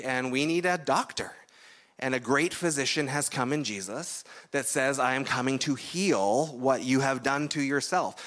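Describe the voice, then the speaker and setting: A man from Canada delivers a sermon in a relaxed, explanatory manner, as if talking the congregation through an idea. His voice sits somewhat high for a man. He often pauses to check in with a quick "right?". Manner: conversational, explanatory preaching with frequent "right?" asides. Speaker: pastor.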